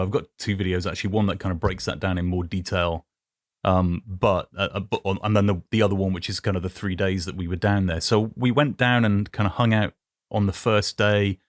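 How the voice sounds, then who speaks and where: A man chatting casually as a podcast guest, relaxed and self-deprecating, often repeating words as he goes. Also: lowish voice, no room sound, studio quality. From United Kingdom. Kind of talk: casual chat.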